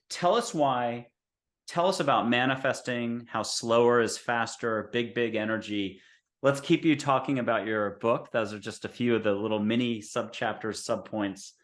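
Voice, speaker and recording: A man hosting a spiritual interview show, speaking in a gentle, reflective and musing way as he asks questions. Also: medium pitch. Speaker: host.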